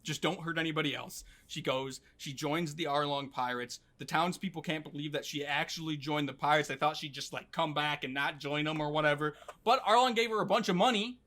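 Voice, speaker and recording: Young man, high voice, bright tone, casual podcast recap, animated storyteller. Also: fairly quick, hardly any pauses. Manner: animated storytelling, briefly mimicking characters, swearing and laughing. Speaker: podcast host recapping an anime.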